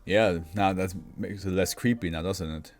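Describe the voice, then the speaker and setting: Low-voiced man chatting through a reaction. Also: normal speed, faint music behind. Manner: chatty, laughing, slips into mock voices. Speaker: reaction video host. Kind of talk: casual reaction commentary.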